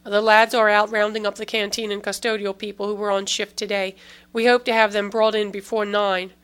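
A woman reads a dutiful male sergeant in an audiobook. The voice is respectful and factual, at a middling pitch. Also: little pitch movement, fairly quick, a bit bright, clear, resonant tone, lightly acted. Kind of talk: audiobook character reading.

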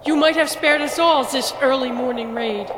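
A woman's voice: sits high, normal speed, reverberant, big-room sound, background noise, pitched above the performer's own voice, natural voice. A woman playing a haughty, cold woman scientist. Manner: cold, curt, dismissive.

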